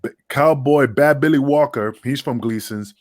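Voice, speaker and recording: A man's voice: medium pitch, moderate pace, a little mellow. A man, a former wrestler guesting on a podcast, telling rambling, profane stories and laughing as he goes. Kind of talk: casual storytelling.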